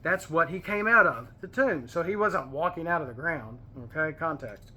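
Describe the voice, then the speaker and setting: This man's casual Bible study mixes scripture reading with rambling asides and pop-culture nods. He speaks at a normal speed with lively intonation, his slightly high voice coming across bright and forceful.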